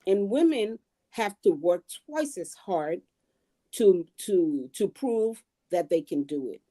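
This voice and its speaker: A woman from Liberia speaks over a video call with a low, mellow voice. She is measured and deliberate, and she builds her argument step by step in an easygoing group discussion. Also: expressive. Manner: measured, lays out points deliberately. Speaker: panel guest.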